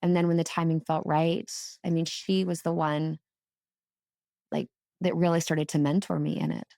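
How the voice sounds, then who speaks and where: A woman guest telling a personal story in a casual podcast chat, animated and chatty, with plenty of "like" fillers. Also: deep voice, moderate pace, vocal fry, no room sound, studio quality. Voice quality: emotional, tearful at moments. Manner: animated, chatty, lots of "like" fillers, laughs and swears while telling.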